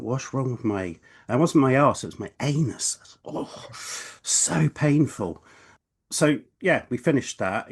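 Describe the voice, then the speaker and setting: Man telling a rambling anecdote. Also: lowish voice. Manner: rambling storyteller, hesitant restarts. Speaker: podcast co-host. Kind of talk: casual chat, anecdote.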